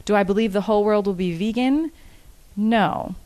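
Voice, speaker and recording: A woman's voice: medium pitch, moderate pace, dark tone. A woman speaking casually and earnestly to an audience, repeating each question aloud before she answers it.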